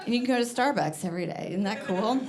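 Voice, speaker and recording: A woman's voice: mid-range voice, fast. A woman doing a stand-up comedy set, chatty and full of fillers, chuckling at her own jokes and a little out of breath. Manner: conversational, many "like" fillers, laughs at own jokes. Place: comedy club stage with live audience. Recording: live crowd audible. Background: audience laughter.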